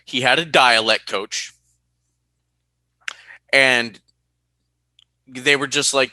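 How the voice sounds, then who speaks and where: A man from California co-hosting a casual podcast, animated and quick to laugh as he reads listener mail. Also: medium pitch, no room sound. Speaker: podcast co-host.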